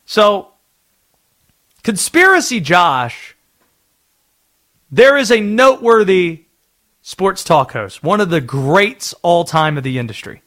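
A sports radio host from North Carolina, talking through his takes in a chatty, opinionated way. His voice sits high and moves a lot, lively and animated from phrase to phrase. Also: slow pace, long pauses.

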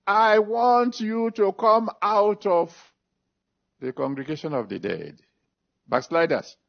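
A man preaching a sermon, reading scripture, then making an altar call and praying. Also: gravelly. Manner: emphatic preaching with big pitch swings, slow drawn-out phrases. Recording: dull lo-fi recording.

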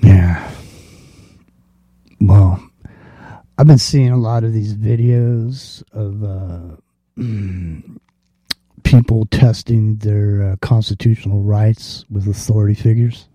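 A man hosting a talk radio show, ranting casually and profanely and acting out street confrontations in quick quoted voices. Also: on the low side, steady tone, mellow, no room sound.

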